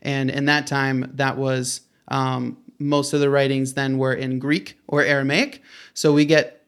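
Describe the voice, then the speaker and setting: A man's voice: medium pitch, flat delivery, unhurried, a bit bright, clear, resonant tone. A man co-hosting a casual podcast, joking around playfully while explaining. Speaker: podcast co-host.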